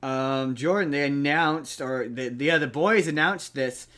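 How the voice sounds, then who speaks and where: A man hosts a casual podcast conversation, with a bright, forceful tone. He chats loosely and often trails off mid-thought. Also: medium pitch, a little slow. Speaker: podcast host. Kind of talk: casual chat.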